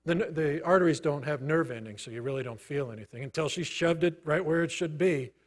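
A middle-aged man preaching a sermon, telling a personal story in a conversational way with many pauses. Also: on the high side. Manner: storytelling, conversational, pausing often. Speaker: pastor.

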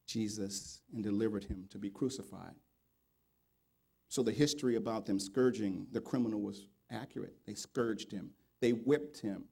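Gravelly, dark-voiced male preacher. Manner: reads scripture aloud and comments, rising loud then dropping low. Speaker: pastor. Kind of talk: sermon.

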